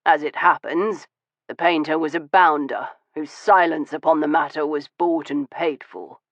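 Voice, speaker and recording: A man voicing a wounded, weary Victorian gentleman who speaks in a low, measured and bitter way in an audiobook. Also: fairly even intonation, dry recording. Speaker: audiobook voice of a male character. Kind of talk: audiobook dialogue reading. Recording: dull, dry studio audio.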